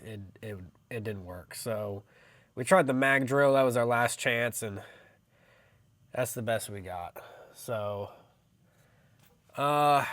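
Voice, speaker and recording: Male car hobbyist, mid pitch, unscripted garage talk, swears a lot, mumbled restarts. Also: no room sound. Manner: casual and profane, trailing off and restarting. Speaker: car owner working on his own car. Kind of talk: casual garage vlog.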